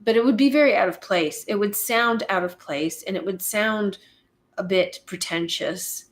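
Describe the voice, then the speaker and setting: A woman from Canada hosting a casual live chat, reading viewer comments aloud and musing on them, laughing often and pausing with fillers. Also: medium pitch.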